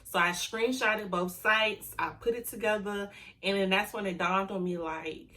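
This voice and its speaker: A woman running an online business, talking to camera casually, heartfelt and grateful, emotional and close to tears, speaking warmly to her viewers. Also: medium pitch, steady tone, normal speed. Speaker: online business owner and YouTuber.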